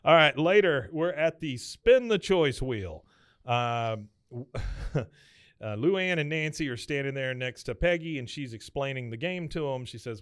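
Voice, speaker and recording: A man hosting a podcast who casually retells an episode scene by scene, often laughing and slipping into quick quotes. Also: medium pitch, lively intonation, fairly bright tone, dry recording, clean studio sound. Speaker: podcast host.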